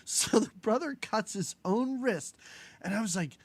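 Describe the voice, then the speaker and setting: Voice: medium pitch, animated, moderate pace. A podcast co-host in a casual movie-recap chat, laughing often and acting out lines from the film in silly voices.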